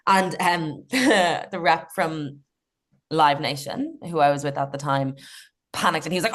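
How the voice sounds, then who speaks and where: A woman's voice: fairly low pitch, animated, normal speed, fairly bright tone. A young woman, a comedian guest on a podcast, telling stories in a chatty way, laughing often and swearing casually. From Ireland.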